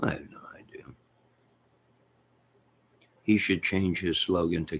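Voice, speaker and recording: A man hosting his own channel, chatting in a rambling, jokey way with sudden loud outbursts. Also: low voice, flat delivery, slow, long pauses, slight background noise. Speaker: channel host. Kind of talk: rambling joking livestream chat.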